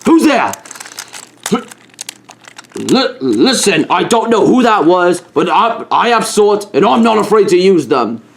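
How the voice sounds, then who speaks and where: A man voicing a male ape swordsman who acts as a sensei, jumpy and boastful but calm when teaching, in a homemade toy-animal story. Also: high-pitched, slow pace, vocal fry, voice pushed up, exaggerated voice.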